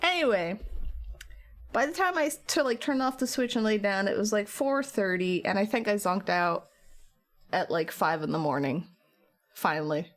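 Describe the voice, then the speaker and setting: A woman's voice: medium pitch, moderate pace. A tired young woman streamer chatting with viewers, rambling through a story and acting out her own quotes. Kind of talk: casual chat with stream viewers.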